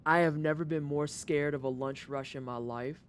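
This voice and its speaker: Young streamer telling a lively work story. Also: mid-range voice, moderate pace, a little hiss or hum. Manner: animated retelling with casual swearing. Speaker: livestreamer. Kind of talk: casual storytelling to chat.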